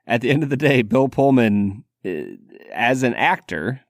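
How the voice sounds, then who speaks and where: A man's voice: medium pitch, moderate pace, dry recording, studio quality. A man in his thirties co-hosting a podcast, talking about a film in a laid-back, joking way. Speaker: podcast co-host. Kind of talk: casual movie discussion.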